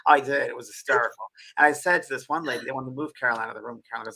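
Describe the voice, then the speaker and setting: An older man hosting a casual talk show, telling stories in an animated way. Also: mid-range voice, a crowd in the background. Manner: storytelling, animated, quick. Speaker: host. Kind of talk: casual conversation.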